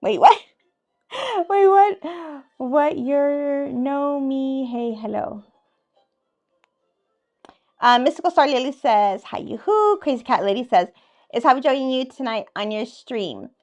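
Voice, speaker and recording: A woman's voice: sits high, big pitch swings, moderate pace, soft background music. A woman hosting a casual livestream chat, reading viewer comments aloud in a playful, teasing way and laughing often. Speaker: livestream host.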